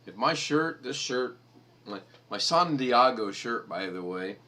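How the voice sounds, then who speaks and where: Hosting a live stream, a middle-aged American man chats casually and bluntly, acting out the people in his stories with high-pitched voices. He speaks a little slowly in an animated, pushed, bright voice, with slight background noise.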